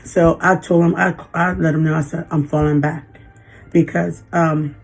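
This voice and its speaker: A woman in her fifties venting in a personal vlog, halting and emotional, holding back tears. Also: low-pitched, level tone, vocal fry, soft background music. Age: 50s. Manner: emotional, halting, frequent restarts. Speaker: vlogger.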